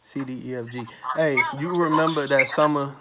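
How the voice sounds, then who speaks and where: A man telling a profane, animated story from his childhood to camera, with sudden loud outbursts. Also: medium pitch, moderate pace, heavy background noise. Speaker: channel host. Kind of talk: storytime monologue.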